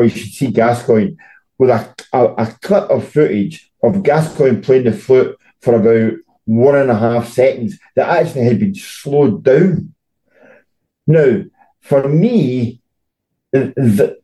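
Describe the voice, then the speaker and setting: A man's voice: mid-range voice, mellow, low-quality recording. A middle-aged Scottish man, a football journalist co-hosting a podcast, chatting casually and telling stories with many restarts. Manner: storytelling, repeats words when starting sentences.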